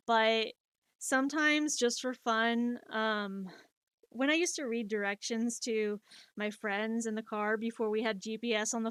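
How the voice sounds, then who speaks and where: A woman's voice: fairly high pitch, clear, resonant tone, no room sound, clean studio sound. A woman in her thirties streaming and telling rambling stories, full of fillers and restarts, laughing at herself. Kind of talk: casual storytelling chat.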